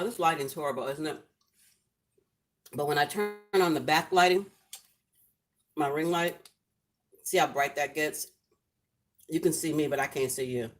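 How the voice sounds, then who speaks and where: Middle-aged woman, low warm speaking voice, chatty home cooking host talking to her viewers. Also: slight background noise. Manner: chatty and affectionate, talking to the comments. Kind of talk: casual livestream chat with viewers. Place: home, lit by a ring light.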